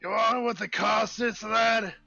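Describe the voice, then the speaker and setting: A loud, blunt tavern cook who barks his answers and calls everyone lad, as a man puts him on. The voice sits fairly high with a gravelly edge and a bright, forceful tone. It is a tabletop game, recorded on a slightly dull mic with faint music behind. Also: fairly even intonation, normal speed, heavily acted. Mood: gruff. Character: gruff male tavern cook who shouts from the kitchen.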